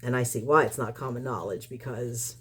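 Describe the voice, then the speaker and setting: A woman's voice: very deep voice, fairly quick, fairly bright tone, slightly rough. A woman giving casual commentary on her channel, combative and rambling, with many restarts. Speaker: YouTube commentator.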